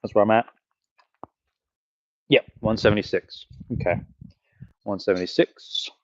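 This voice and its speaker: Low-voiced man live-streaming axe throws. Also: fairly even intonation, measured pace, dry recording, dull audio. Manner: counts throws aloud, swears, talks to chat. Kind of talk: live-stream commentary while throwing axes. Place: backyard outdoors.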